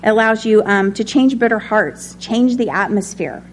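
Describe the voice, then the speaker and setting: A woman's voice: mid-range voice, animated, moderate pace, slight background noise. A woman teaching a conversational sermon. She speaks in a personal tone, with many ums and light laughs. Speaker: Bible study teacher.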